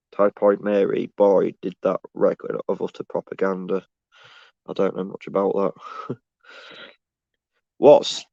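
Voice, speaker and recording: A man's voice: on the low side, creaky, darkish tone, no room sound. A man talking casually on a live stream, rambling and restarting his sentences as he answers the chat. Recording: dull, dry lo-fi sound.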